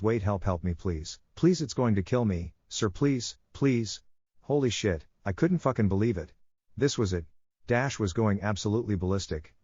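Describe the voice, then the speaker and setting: This husky, lowish male voice retells a horror tale from his own perspective, keeping it tense and gripping and shouting whenever he quotes someone. The lo-fi recording sounds dry and dull, with no echo.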